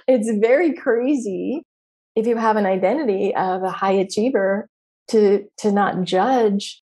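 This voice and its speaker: Woman, middle-aged, podcast host, spiritual coaching chat, animated, swearing, voices her own thoughts. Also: mid-range voice. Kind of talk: casual spiritual coaching talk.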